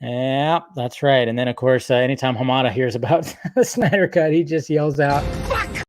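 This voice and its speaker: A man's voice: medium pitch, normal speed, darkish tone, soft background music. A man hosting a livestream and wrapping it up with rambling, crude jokes and a casual sign-off. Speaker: livestream host.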